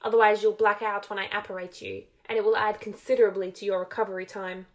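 A woman's voice: medium pitch, little pitch movement, fast, lightly acted, poor audio. Woman reading as a cold, drawling young man. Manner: clipped, drawling. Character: cold, sneering young male lord's enforcer.

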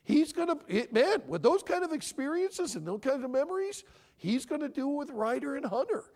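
A man in his sixties from Michigan, giving an animated sermon-style talk at a family conference and pressing his audience with questions. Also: very high-pitched, brisk. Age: 60s. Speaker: conference speaker.

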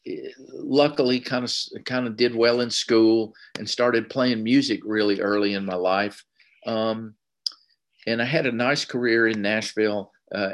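Southern man in his sixties, candid testimony. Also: on the low side. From American South. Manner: candid and emotional, with wry humor. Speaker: speaker sharing a recovery story. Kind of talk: personal testimony at an online recovery meeting.

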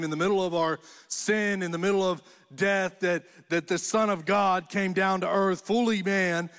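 A man's voice: on the high side, a bit bright. A man preaching a sermon as pastor, telling stories and building to emphatic repeated phrases. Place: church auditorium. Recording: long echo of a church hall.

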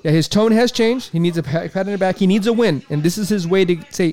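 A man's voice: fairly high pitch, fast, hardly any pauses, a little mellow. A man giving heated political commentary, cursing often and repeating himself as he gets worked up.

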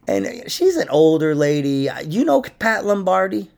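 Gravelly, lively male podcast host. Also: a little high, unhurried, hardly any pauses. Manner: profane, jokey storyteller who laughs at his own lines. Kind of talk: casual chat.

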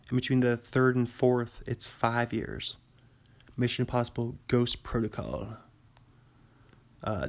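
Brief: young male podcast host, loose and rambling, laughs as he talks. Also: medium pitch. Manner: rambling, filler-heavy, laughs often. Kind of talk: casual solo commentary.

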